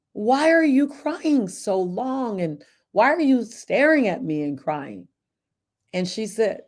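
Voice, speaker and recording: A middle-aged woman, a motivational speaker, telling a personal story and addressing listeners by name. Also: fairly high pitch. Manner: animated, talks to listeners by name. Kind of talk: storytelling to a live audience.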